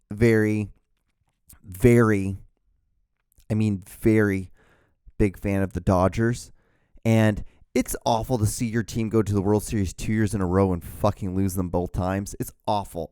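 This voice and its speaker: A man's voice: fairly low pitch, mellow, smooth, dry recording, studio quality. A young man hosting his own show, ranting in a rambling, profane, exasperated way. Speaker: podcast host. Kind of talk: casual rant.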